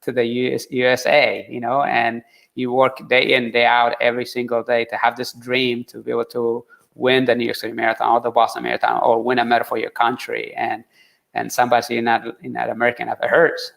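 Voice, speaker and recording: A man telling his story in an interview, earnest and halting, with many fillers and restarts. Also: medium pitch, monotone, vocal fry, a bit bright. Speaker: interview guest, marathon runner. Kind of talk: conversational interview.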